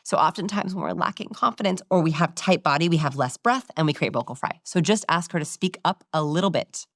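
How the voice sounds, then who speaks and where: A woman in an interview, explaining body language in an animated, demonstrative way. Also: lowish voice, brisk, no echo, clean studio sound. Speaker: guest expert on body language.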